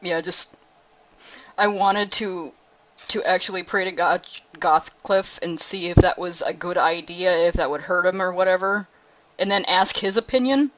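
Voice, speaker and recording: A player chatting calmly and matter-of-factly about their character. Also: mid-range voice, moderate pace, noisy background. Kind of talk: casual chat. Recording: dull lo-fi mic with faint clicks.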